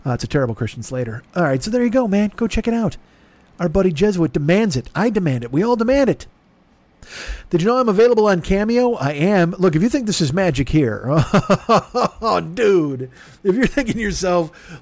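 A man's voice: high voice, very animated, fairly quick, a little mellow, no echo. A man hosting a podcast in a rambling, self-mocking comedic monologue, swearing freely and talking in circles. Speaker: podcast host.

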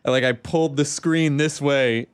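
A man from the American South hosting a casual chat, animated and quick to laugh. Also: on the high side, clear, resonant tone, dry recording.

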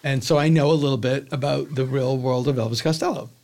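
A middle-aged man, a comedy writer, telling showbiz stories in casual chat, animated and laughing often as he acts out quotes. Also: mid-range voice, fast, creaky. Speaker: comedy writer and guest storyteller.

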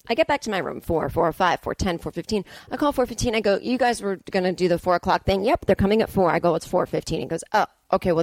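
A woman with a fairly low voice hosts a solo comedic podcast, recorded dry and close. She tells her story with exasperation, switches voices to play both sides of a conversation, and drops blunt, profane asides. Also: darkish tone, no echo. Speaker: podcast host. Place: indoors, hotel room.

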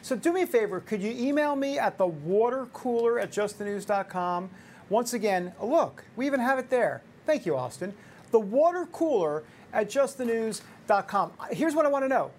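A woman's voice: on the high side, very animated, moderate pace, a little mellow, a little hiss or hum. A woman in her fifties hosting a talk show, giving opinionated commentary with sarcastic, jokey asides. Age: 50s.

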